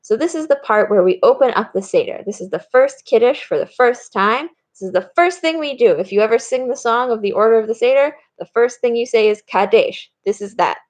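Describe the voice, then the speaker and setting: A woman's voice: fairly high pitch, animated, fairly quick, few pauses. A woman rabbi giving a recorded lesson, explaining steadily and reading verses aloud. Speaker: rabbi and teacher. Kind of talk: recorded teaching talk.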